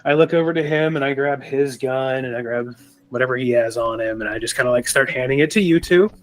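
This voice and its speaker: A man with a mid-range voice speaks fast as a player in a casual tabletop role-play game. He states his character's actions bluntly and matter-of-factly, swearing casually.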